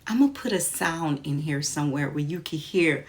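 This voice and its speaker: A woman's voice: low voice, lively intonation, moderate pace. A woman vlogger chatting casually, retelling a story while doing her makeup.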